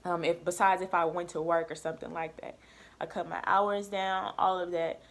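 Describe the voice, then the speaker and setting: A woman's voice: lowish voice, normal speed. A young woman vlogger, telling a personal story in casual chat and acting out quoted dialogue. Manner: emphatic, lively retelling with quoted dialogue.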